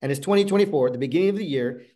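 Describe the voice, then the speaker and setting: Animated middle-aged man, mellow voice. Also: fairly high pitch, rapid-fire. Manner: animated, swings from loud bursts to hushed asides. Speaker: motivational speaker. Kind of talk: motivational storytelling talk.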